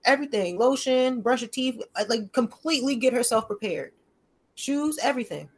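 Her voice is fairly high and slightly breathy, moving at normal speed, as she talks about her kids in a casual podcast conversation. The stories are slangy and profane, with her playing both sides of each exchange in changing voices.

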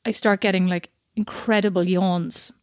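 A woman's voice: lowish voice, steady tone, normal speed, no room sound, clean studio sound. A woman in casual chat as co-host, talking freely and acting out quoted voices. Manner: chatty, acts out quoted voices.

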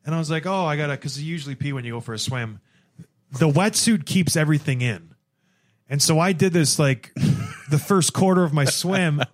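Animated young man telling stories. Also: a little high, normal speed. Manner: animated storyteller, acts out quotes. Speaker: podcast guest. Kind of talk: casual chat.

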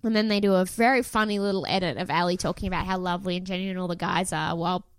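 A woman's voice: lowish voice, fairly even intonation, fast, clean tone, no room sound. Swearing, chatty woman recapping a show. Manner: swearing, acts out quotes with playful voices. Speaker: podcast co-host. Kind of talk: casual recap chat.

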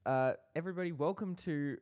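A young Australian man co-hosts a casual podcast with his brother, bantering playfully with light sarcasm. His voice is fairly high-pitched, a little mellow, and brisk.

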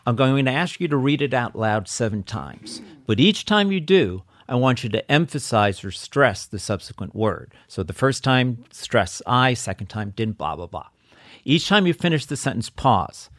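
A man hosting an interview as a speaking coach, explaining things step by step in a deliberate way. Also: medium pitch, sing-song, fairly bright tone. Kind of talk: conversational interview, instructive.

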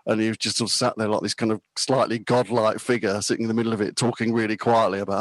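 A man's voice: lowish voice, level tone, quick pace, few pauses, no room sound, poor audio. A man in his fifties chatting casually about music, rambling and self-deprecating, laughing easily. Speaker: podcast guest.

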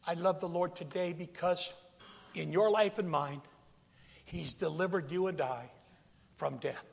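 A man's voice: on the high side, measured pace, vocal fry. A man preaching a sermon from a church sanctuary, acting out scripture scenes and calling out to his congregation. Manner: dramatic, acts out scripture quotes, calls to congregation. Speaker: pastor. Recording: long reverb of a large hall.

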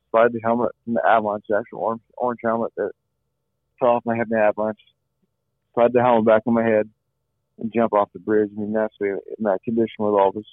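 Speaking in a fairly low voice, a middle-aged man relates his life story as an interview guest, earnest in tone. He repeats himself and uses "you know" a lot, over a dry, echo-free, phone-like connection.

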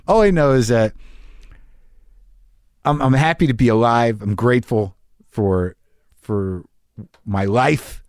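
Recorded with studio quality on a mic in his home garage, with no room sound, this podcast host in his fifties rambles through a frank, self-mocking monologue laced with profanity. His pitch is medium.

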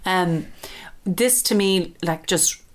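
A woman in the wine business co-hosts a casual podcast chat, speaking slowly in a fairly low voice. She comes across as thoughtful and hesitant, often restarting her sentences.

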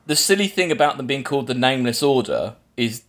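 A man's voice: mid-range voice, lively intonation, quick pace, a bit bright. Rambling chatty man. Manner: chatty, rambling, lots of yeahs and restarts. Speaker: podcast co-host running a quiz. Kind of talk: casual film podcast chat.

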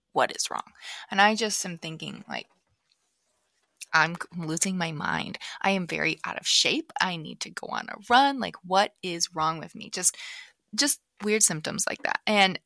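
A woman in her thirties hosting a podcast from her basement office, telling a personal story in a chatty way with many fillers and hushed asides. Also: on the low side, no room sound, studio quality. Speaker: podcast host. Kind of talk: casual solo podcast storytelling.

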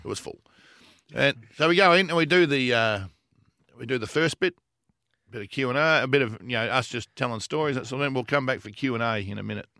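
A man's voice: medium pitch, quick pace, pushed and bright, no echo, studio quality. A man with an Australian accent, co-hosting a podcast and telling a story in casual chat, laughing often and doing quoted voices. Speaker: podcast co-host.

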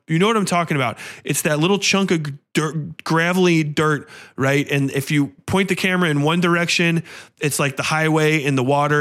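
A man hosting a podcast, retelling a horror film in a casual, profane, animated way. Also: a little high. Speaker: podcast host. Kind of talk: casual film review chat.

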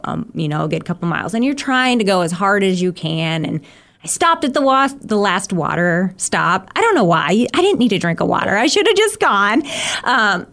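A woman in her thirties, a guest on a podcast, telling her story in a lively way and jumping into a high voice when she quotes her own thoughts. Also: gravelly. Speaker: guest runner. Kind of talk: casual interview chat.

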